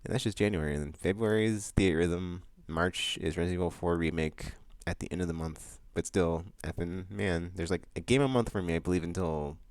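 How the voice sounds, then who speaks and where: A man hosting his monthly vlog, chatting loosely with lots of fillers, restarts and bursts of excitement. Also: deep voice, a little fast, few pauses, no room sound. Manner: excitable outbursts about upcoming games. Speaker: vlog host. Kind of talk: casual rambling monthly vlog chat.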